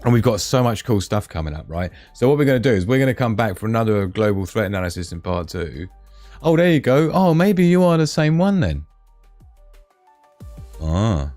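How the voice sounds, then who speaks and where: A man's voice: on the low side, sing-song, brisk, darkish tone, dry recording, soft background music. A middle-aged British man hosting a live stream, reading viewer comments aloud in a jokey, chatty way and laughing often. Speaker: livestream host.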